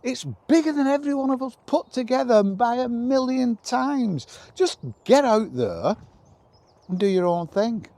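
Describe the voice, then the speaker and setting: A man's voice: very high-pitched, animated, unhurried, vocal fry, mellow, no room sound. A man vlogging, talking straight to the viewer in an impassioned, emphatic opinion piece, often repeating himself.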